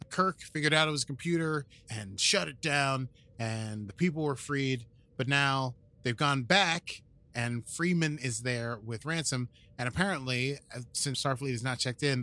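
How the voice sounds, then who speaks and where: Bright-voiced playful male podcast host. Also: mid-range voice. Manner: playful, jokey, laughs often. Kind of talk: casual podcast chat and episode recap.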